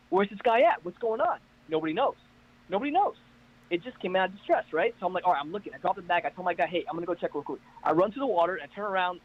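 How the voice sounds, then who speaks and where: A man calling in to a casual chat show, telling stories in an energetic, hyped-up way. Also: sits high, lo-fi sound. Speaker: caller guest. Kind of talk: casual chat on a video call. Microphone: internet call.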